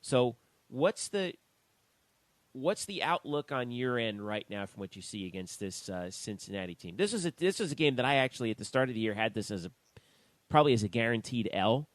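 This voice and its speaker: A man co-hosting a sports talk podcast, reading out statistics in a slow, measured way. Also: mid-range voice, animated, dry recording. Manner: reads out stats in a slow, measured way. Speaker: podcast co-host.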